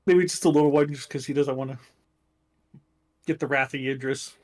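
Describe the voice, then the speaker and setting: A man playing a tabletop role-playing game, casually describing his character's actions with many pauses and fillers. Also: medium pitch, fairly even intonation, a little mellow. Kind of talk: casual play narration.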